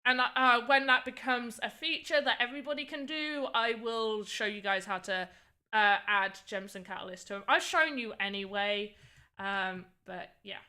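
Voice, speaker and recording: Chatty young streamer, bright, slightly high voice, casual rambling delivery. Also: female voice, moderate pace. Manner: chatty, rambling, frequent "like" fillers. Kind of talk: casual livestream chat while making voxel art.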